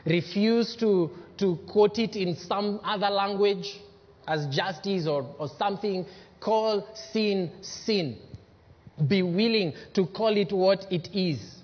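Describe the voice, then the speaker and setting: Male pastor with a high voice, preaching and acting out quotes, dull lo-fi recording. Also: slow. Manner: preaching with acted-out quotes and sudden swings from loud to hushed. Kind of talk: sermon. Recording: dull lo-fi sound with long hall reverb.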